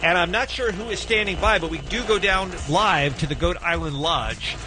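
A man's voice: sits high, moderate pace, over music. A middle-aged man hosting a morning radio show, bantering in a playful, mock-grand manner in a studio.

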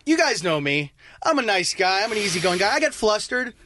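A man telling a story in casual banter, getting worked up, acting out his own quotes and yelling at times. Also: sits high, quick pace, a little hiss or hum. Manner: excitable, acts out quotes, swings to yelling.

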